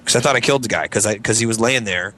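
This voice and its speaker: A man's voice: fairly low pitch, rapid-fire, sharp tone, slight background noise. A young man telling a rambling, profane story on a casual group podcast, acting out the voices of the people in it. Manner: rambling, profane, acts out voices in his stories. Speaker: podcast co-host.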